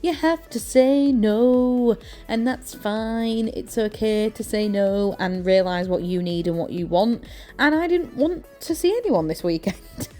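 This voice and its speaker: A woman's voice: a little high, animated, a little slow, mellow, faint music behind. A young woman from East Yorkshire with an East Yorkshire accent, chatting casually to camera at home while crafting, rambling with lots of fillers. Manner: chatty and rambling, many fillers and self-corrections. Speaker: journaling vlogger.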